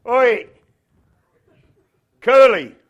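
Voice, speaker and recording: A man's voice: fairly high pitch, brisk, bright, forceful tone. A man voicing bossy older brothers who tease and call their young shepherd brother, within a sermon. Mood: teasing. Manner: brusque, teasing.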